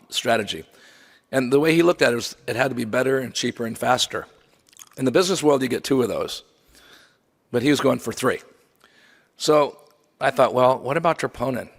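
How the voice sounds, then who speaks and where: A man's voice: mid-range voice, creaky, husky. A man giving a memorial lecture from slides, conversational with wry asides. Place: lecture hall. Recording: long hall reverb.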